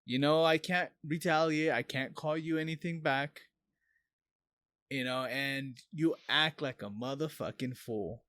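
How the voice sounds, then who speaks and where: A man co-hosting a podcast, telling stories in a casual, profane, animated way. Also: a little high, measured pace, no room sound, clean studio sound. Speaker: podcast co-host. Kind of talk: casual chat.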